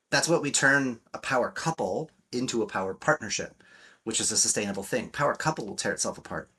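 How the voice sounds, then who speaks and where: A man's voice: fairly low pitch, fairly bright tone, slightly rough. A man speaking as a relationship coach in a podcast interview, emphatic and blunt, swearing freely and acting out quotes.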